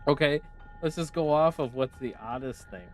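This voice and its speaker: A man's voice: a little high, normal speed, music in the background. A man with a northern US accent, casually chatting with his live-stream viewers while playing, answering their questions with easy laughs. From United States. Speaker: game streamer.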